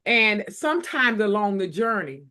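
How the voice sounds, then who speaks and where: Bright-voiced woman preaching. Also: medium pitch, big pitch swings, normal speed. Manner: preachy, repetitive, tearful at times. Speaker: book collaboration host. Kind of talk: emotional motivational talk.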